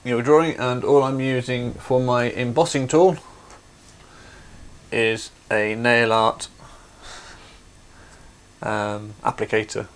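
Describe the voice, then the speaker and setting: Gravelly man demonstrating crafts. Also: medium pitch, slow, long pauses. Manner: chatty, explaining step by step. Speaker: craft livestream host. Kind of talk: casual demonstration.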